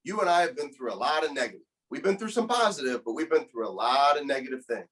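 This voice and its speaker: A man in his thirties talks fast and animatedly, his mid-range voice a bit bright, while telling a personal story as a guest motivational speaker and coach. His conversational storytelling is earnest and emotional, and he often repeats words when beginning a thought. The recording is rough.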